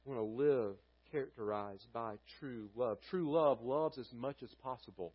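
A man preaching a sermon as a pastor, swinging between fervent, loud scripture reading and quiet, solemn warnings. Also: medium pitch, moderate pace, slightly rough, muffled recording.

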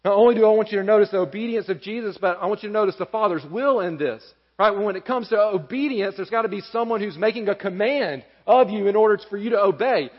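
A man's voice: high-pitched, slightly rough. A man preaching a sermon as pastor, earnest and repeating key phrases for emphasis, in a church sanctuary. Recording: echoey church hall, dull lo-fi.

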